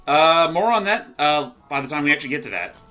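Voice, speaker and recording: A man's voice: fairly high pitch, expressive, fast, pushed and bright, faint music behind. A man hosting a let's play, explaining the game in a chatty, self-correcting way. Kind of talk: casual game commentary.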